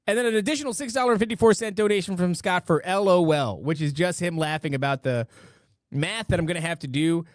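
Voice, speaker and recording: A man's voice: high voice, quick pace, no room sound, clean studio sound. A man hosting a casual live stream, joking around with silly catchphrases and stumbling as he reads out donations. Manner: playful, jokey, with repeated silly catchphrases; stammers and restarts while reading amounts. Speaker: podcast host reading out donations.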